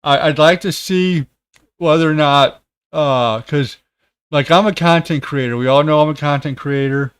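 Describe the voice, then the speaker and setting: A tech content creator in his thirties chats casually on a livestream in a clean, highish voice. His speech is full of pauses, fillers, and restarts.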